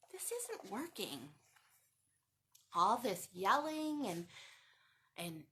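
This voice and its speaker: A woman reading a picture book aloud to children, animated and sing-song, stopping to ask them questions. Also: a little high. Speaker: children's storytime reader.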